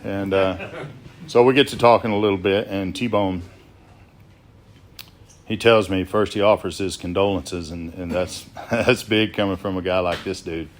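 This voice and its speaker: Low-voiced man telling his story. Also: measured pace. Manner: plainspoken, quotes others in lively asides. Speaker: recovery speaker sharing his story. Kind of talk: storytelling talk at a sobriety gathering. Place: gathering at a biker rally.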